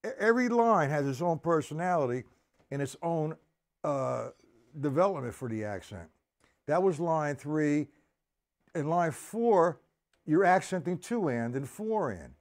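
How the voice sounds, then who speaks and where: A man's voice: on the high side, very animated, normal speed. A man teaching a drum lesson on a live stream, counting the beats aloud and explaining each stroke step by step.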